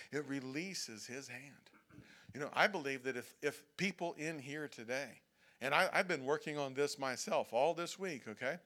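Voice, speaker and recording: A man's voice: medium pitch, pushed and bright. A male pastor preaching a sermon in a church, talking conversationally, often checking in with "okay?" and acting out prayers and whining voices. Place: church sanctuary.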